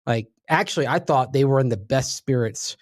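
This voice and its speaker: A man's voice: medium pitch, normal speed, no echo, clean studio sound. A man co-hosting a sports radio show, breaking down the team in an analytical, emphatic way. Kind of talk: casual sports talk.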